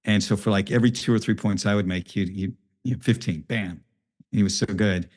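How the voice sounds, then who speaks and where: A man's voice: on the low side, fairly even intonation, a little fast, a little mellow. A man hosting a podcast, telling a story casually and loosely. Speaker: podcast host. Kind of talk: conversational interview.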